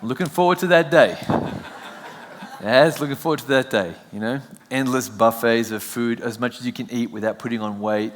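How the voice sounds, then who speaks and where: A man's voice: medium pitch, moderate pace, slight background noise. Australian man preaching in a reverberant church. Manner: chatty, self-joking, laughs often. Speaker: guest preacher. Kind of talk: casual joking sermon. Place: church sanctuary. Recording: long church hall reverb.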